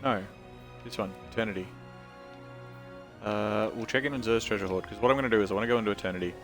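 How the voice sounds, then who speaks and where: Low-voiced male streamer, rambling and jokey, with faint game music behind. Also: fast, a bit bright. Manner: rambling, joking, reads game text aloud. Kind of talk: casual gameplay commentary.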